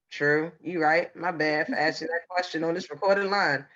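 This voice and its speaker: A woman's voice: low-pitched, fairly even intonation, unhurried, fairly bright tone. A woman co-hosting a podcast in casual chat, teasing and playful, laughing often while sick. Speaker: podcast co-host. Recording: slightly dull lo-fi sound.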